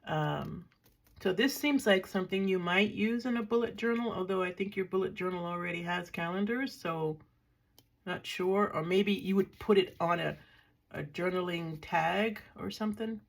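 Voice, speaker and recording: Older woman, low gravelly voice, casual crafting vlogger who thinks aloud and jokes dryly at herself. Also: normal speed. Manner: chatty, thinking aloud, dry self-mocking. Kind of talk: casual crafting show-and-tell.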